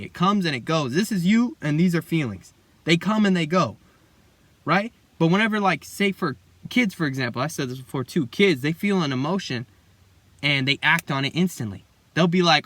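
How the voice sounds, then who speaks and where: A young man delivers a casual motivational monologue in a loose, rambling way, full of slang and "bro". His voice sits a touch higher than most men's. The sound is dry and close, with no room echo. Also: expressive, normal speed, a bit bright. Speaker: self-improvement video host.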